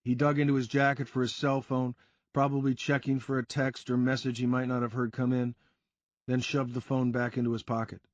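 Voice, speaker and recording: A man reading a first-person crime story aloud in a steady storytelling delivery. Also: medium pitch, a little fast, no room sound, muffled recording. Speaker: audiobook narrator. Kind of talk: first-person scripted narration.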